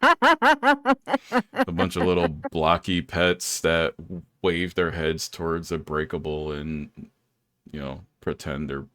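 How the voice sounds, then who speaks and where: A man's voice: low-pitched, big pitch swings, slow pace, pauses often, pushed and bright, no echo, studio quality. A young man hosting a podcast, telling stories in a laid-back way and laughing often. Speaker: podcast host. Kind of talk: casual chat.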